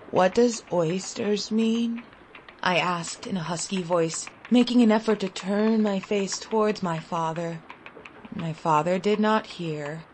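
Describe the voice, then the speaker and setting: A woman reading a literary short story aloud in an expressive, dramatic storytelling manner. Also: mid-range voice, slight background noise, rough recording. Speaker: story reader.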